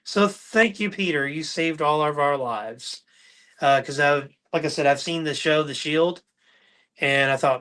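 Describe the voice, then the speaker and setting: A man hosting a casual livestream talk show, telling stories with lively, acted-out quotes. His voice sits a little high and sounds bright and forceful. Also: a little slow. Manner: animated anecdotal storyteller, acts out quotes. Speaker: podcast host.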